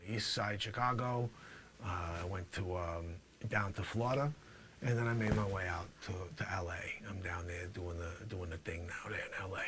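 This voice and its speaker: A man's voice: deep voice, moderate pace, background noise, pitched below the performer's own voice, natural voice. A man voicing a sleazy, tough-talking middle-aged male drug dealer in a comedic mock courtroom sketch, boastful and brash.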